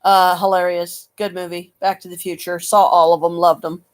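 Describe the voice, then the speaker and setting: Recorded on a computer webcam, a woman rambles through a vlog monologue in a fairly low, level voice at a moderate pace. She laughs often and curses, using folksy slang.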